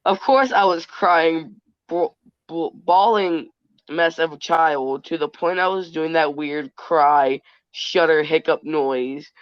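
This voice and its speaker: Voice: medium pitch, takes it slowly, clean tone, no echo, dull audio. A young person telling a funny childhood story in casual chat.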